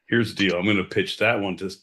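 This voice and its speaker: A man's voice: on the low side, fairly even intonation, a little fast, fairly bright tone, a little hiss or hum. A man co-hosting a podcast, bantering sardonically with mock-grand announcements and frequent swearing. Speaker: podcast co-host. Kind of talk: casual comedic banter.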